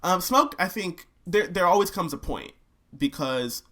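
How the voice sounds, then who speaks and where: A young man with a high-pitched voice chats casually and without hurry about making his album, with slight background noise behind him. He's a singer who tells stories animatedly and hums melodies right in the middle of his sentences.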